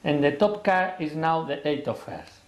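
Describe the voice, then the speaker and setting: A man with teaching a card trick, explaining in a lively, expressive way and acting out his stage patter. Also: normal speed, echoey room. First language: not English. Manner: expressive, acts out his stage patter with big jumps in pitch. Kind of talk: explanatory lesson.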